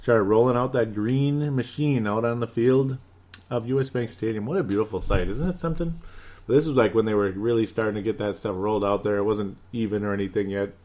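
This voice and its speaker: A man in his thirties hosting a casual sports podcast, excitable and rambling, reading out listener comments. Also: fairly low pitch, fairly quick. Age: 30s. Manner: hyper, excitable, rambling with laughs. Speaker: podcast host.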